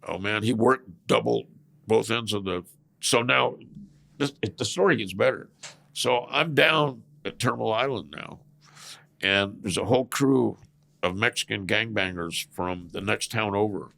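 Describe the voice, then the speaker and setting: A man's voice: on the low side, unhurried, gravelly, bright, forceful tone. An older man from California, a podcast guest telling blunt, profane stories in a casual interview and chuckling as he goes.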